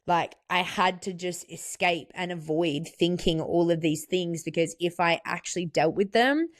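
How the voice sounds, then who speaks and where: A woman hosting her podcast, telling a personal story in a candid, confessional, rambling way, full of "like". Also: fairly low pitch. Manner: confessional, rambling, heavy use of "like". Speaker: podcast host.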